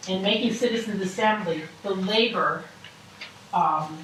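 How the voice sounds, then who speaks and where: A woman in the audience asks a panel a deliberate question, often repeating words. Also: medium pitch, fairly bright tone, a little hiss or hum. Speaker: audience member asking a question. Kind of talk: public Q&A question. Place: public meeting hall. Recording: very echoey hall, distant mic.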